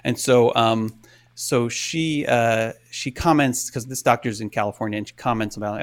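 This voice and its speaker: A man co-hosting a podcast, telling a story in casual chat and acting out quotes with hushed asides. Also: medium pitch, normal speed. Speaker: podcast co-host.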